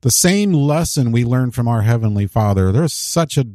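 A man hosting an interview, asking reflective, measured questions. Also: mid-range voice, animated, mellow, no room sound, clean studio sound. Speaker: podcast host.

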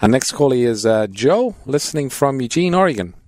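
A man co-hosting a call-in radio Bible program, adding a measured point and introducing callers. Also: mid-range voice, lively intonation, a little mellow, no room sound. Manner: measured, gives phone number and introduces callers. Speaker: co-host of radio Bible show.

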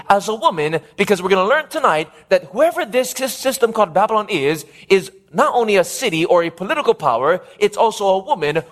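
A man preaching an evangelistic sermon, reading scripture and putting call-and-response questions to the congregation, slowing down to stretch key phrases. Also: high voice, a bit bright.

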